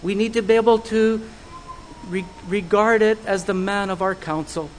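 A man preaching a sermon, earnest and measured, putting searching questions to his listeners. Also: sits high, steady tone, a little hiss or hum, low-quality recording.

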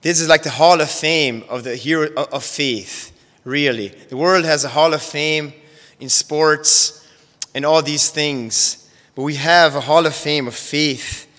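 A man teaching a sermon on Bible verses, measured and careful, often repeating and restarting phrases as he explains. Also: on the high side, fairly bright tone. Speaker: preacher. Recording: long hall reverb.

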